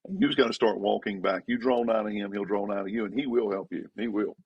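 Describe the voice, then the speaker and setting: A man, a pastor talking in a casual podcast conversation, emphatic and repetitive, pitch jumping up when he stresses a point. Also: fast, breathy edge, dry recording, muffled recording.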